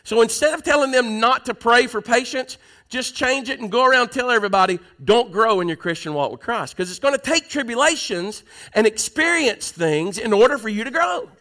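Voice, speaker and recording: A middle-aged man preaching a sermon, asking the congregation questions and swinging between loud, pressing lines and soft ones. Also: very high voice, expressive, fairly quick. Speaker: pastor.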